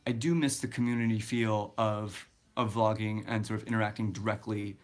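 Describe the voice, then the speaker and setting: A man's voice: lowish voice, fairly even intonation, moderate pace. A man in his twenties chatting casually on a livestream, rambling with many fillers and restarts. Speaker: vlogger.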